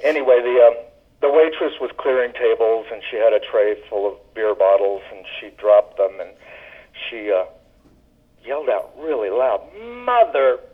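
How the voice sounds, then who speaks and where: Over a tinny phone line, a former flight attendant from the Southern US shares loose, casual stories from his career, with lots of ums and uhs. He speaks at a moderate pace in a fairly low-pitched voice.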